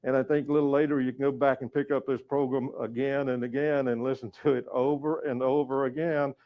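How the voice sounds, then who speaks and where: An older man leads a language lesson at a patient, unhurried pace, sounding out each word and repeating it for the learner. His voice sits in a middle pitch range. The recording is dull and slightly muffled. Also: flat delivery. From North Carolina. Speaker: educator and storyteller.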